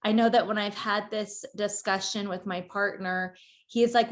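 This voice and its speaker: A woman's voice: mid-range voice, fairly even intonation, moderate pace. A woman co-hosting a podcast, speaking thoughtfully in casual chat. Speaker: podcast co-host.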